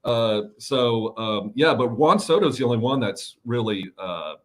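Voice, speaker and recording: A man's voice: medium pitch, lively intonation, measured pace. A man co-hosting a live fantasy baseball show, talking loosely with jokes, fillers and the odd swear word. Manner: loose and joking, fillers and restarts, mild swearing. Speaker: fantasy baseball podcast co-host. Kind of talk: casual live-stream chat.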